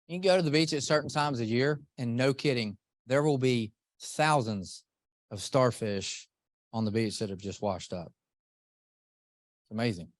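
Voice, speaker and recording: A middle-aged man giving an earnest, animated motivational talk to a live group, often asking the audience questions. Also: medium pitch, no echo, studio quality. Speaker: motivational speaker.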